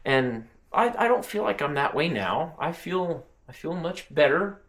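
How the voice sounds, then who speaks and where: A man's voice: a little high, very animated, measured pace, fairly bright tone. A man telling a personal spiritual testimony in an earnest, emotional way, often restarting his sentences. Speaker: channel host and truck driver.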